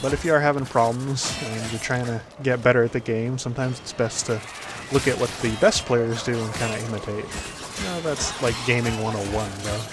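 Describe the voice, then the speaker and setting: A man's voice: mid-range voice, fairly quick, hardly any pauses, over music. A man hosting a casual gameplay commentary, rambling with lots of fillers. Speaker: gaming video host.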